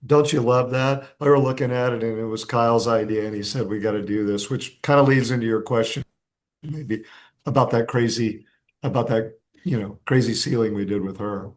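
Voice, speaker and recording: A man's voice: mid-range voice, a little fast. A man, a designer and entrepreneur, telling stories as a podcast guest, acting out dialogue with many restarts. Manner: animated storyteller, acts out dialogue, many restarts. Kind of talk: casual podcast interview.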